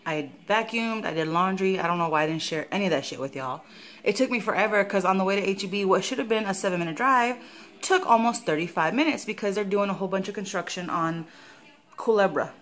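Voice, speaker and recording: A woman's voice: fast, a bit bright. A young woman talking casually to her viewers in a vlog, often slipping into baby talk with her pet. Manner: chatty, swoops into high baby talk with her dog. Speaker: vlogger.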